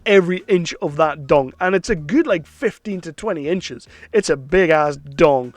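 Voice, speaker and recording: A man's voice: fairly high pitch, expressive, moderate pace, no echo. A man giving an enthusiastic, chatty film review, sometimes slipping into playful impressions. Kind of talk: casual film review monologue.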